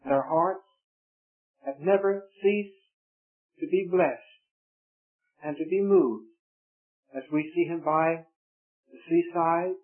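Slow, emphatic preacher on a tinny recording. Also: male voice, on the high side. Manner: measured, emphatic scripture reading in old-style English. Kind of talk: sermon with scripture reading and prayer.

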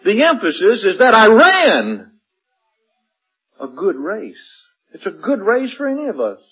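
Husky guy preaching, voice swings all over, kinda dull lo-fi sound. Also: sits high, wildly swooping pitch, a little slow, soft background music. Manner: emphatic, repeats and builds phrases. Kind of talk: sermon.

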